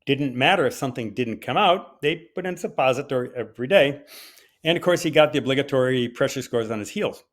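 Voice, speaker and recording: An older man, a physician, telling a personal story at a conference talk in a lively, conversational way with the odd filler. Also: medium pitch, fast. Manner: hesitant with fillers at times.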